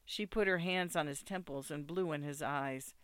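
Smooth, dry audiobook narrator. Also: mid-range voice, no echo. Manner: measured, steady storytelling. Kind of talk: audiobook reading of classic fiction.

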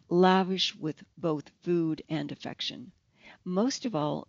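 An audiobook narrator reading a first-person story in a measured, even way. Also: mid-range voice, gravelly, dry recording. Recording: slightly dull, dry lo-fi recording.

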